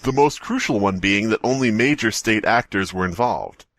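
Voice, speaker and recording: Low-voiced man reading and joking. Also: expressive, moderate pace, fairly bright tone, no room sound. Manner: laughs often, stumbles and riffs while reading. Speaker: podcast co-host, story reader. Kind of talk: casual chat and reading aloud.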